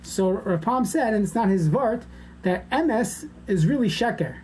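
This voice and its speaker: Woman, class teacher, mellow tone, casual explanatory lecture style. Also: medium pitch, lively intonation, normal speed, a little hiss or hum. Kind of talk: informal lecture.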